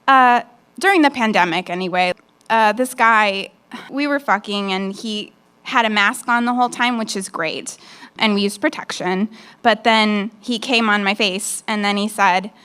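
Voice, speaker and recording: A woman's voice: mid-range voice, moderate pace, a bit bright, smooth. A woman performing a stand-up comedy set on a nightclub stage into a handheld mic, with a brash, frank, conversational delivery.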